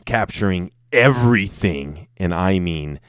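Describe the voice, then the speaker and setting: Deep-voiced man rambling on a solo podcast. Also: lively intonation, measured pace, no room sound, clean studio sound. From Colorado, United States. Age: 30s. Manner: rambling, self-mocking, swears freely. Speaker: podcast host. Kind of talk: casual solo podcast monologue. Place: room with a camera and light set up.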